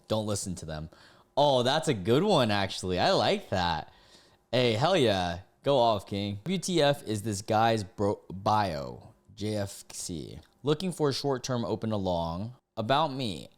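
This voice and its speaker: A young man reading dating app posts aloud and reacting casually, laughing and breaking into sudden high-pitched disbelief.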